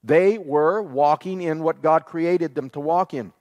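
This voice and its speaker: A man's voice: fairly high pitch, a little mellow. Man preaching a sermon in an echoing hall. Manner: earnest, quotes scripture, dramatic slowdowns on key phrases. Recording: long hall reverb.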